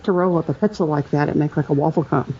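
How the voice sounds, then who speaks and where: Fast-talking Southern woman, mellow voice. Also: low voice. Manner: chatty, quick, drawling vowels, laughs often. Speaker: podcast co-host. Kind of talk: casual chat. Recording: dull lo-fi audio with faint hiss.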